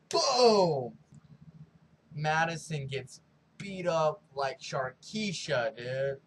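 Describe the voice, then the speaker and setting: A man hosting his own review show, recapping an episode casually and excitedly, peppering his talk with "like" and spoiler warnings. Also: mid-range voice, takes it slowly, a little hiss or hum, low-quality recording. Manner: animated storytelling full of "like" and spoiler warnings. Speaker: show host.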